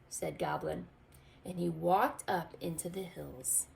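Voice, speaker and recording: A woman teacher reading a storybook aloud to young children, expressive and pointing out pictures. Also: lowish voice, vocal fry. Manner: expressive, slow, asks children to look. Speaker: pre-K teacher.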